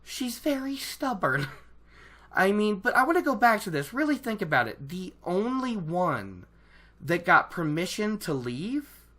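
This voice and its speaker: Podcast host rambling about a book chapter, excitable and a bit self-mocking. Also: mid-range voice, unhurried. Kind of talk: casual book podcast chat.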